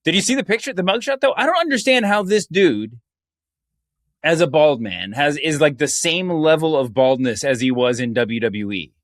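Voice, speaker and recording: A man's voice: a little high, animated, moderate pace, no echo. Dry-voiced joking man from Texas. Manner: rambling, joking, many restarts. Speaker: podcast host. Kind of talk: casual chat.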